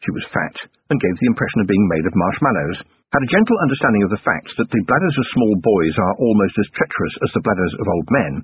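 A man reading a novel aloud as an audiobook narrator, with expressive, wry storytelling. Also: fairly low pitch, breathy edge, no room sound. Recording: narrow phone-like band, dry.

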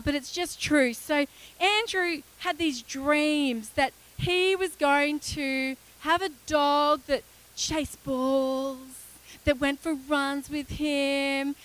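A woman's voice: high voice, a bit bright, poor audio. A woman preaching a sermon, earnest and emphatic, repeating key phrases and often chuckling.

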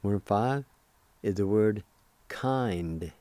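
A man's voice: lowish voice, animated, drawn-out words, dark tone, no room sound. A man hosting a radio language lesson, spelling words letter by letter and repeating each syllable with care. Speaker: radio host teaching Cherokee words. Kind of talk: slow, careful language lesson.

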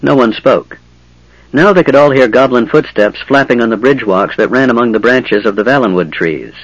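A man giving a measured, dramatic audiobook narration of a fantasy story. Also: mid-range voice, no room sound, lo-fi sound.

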